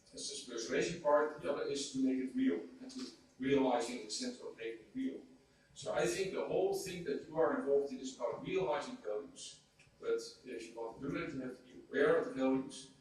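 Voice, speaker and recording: A man speaking as an economist on a conference panel, a Dutch native, hesitant and repeating words as he thinks. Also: mid-range voice. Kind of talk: panel discussion answer. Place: conference hall. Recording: echoey hall, speaker far from mic.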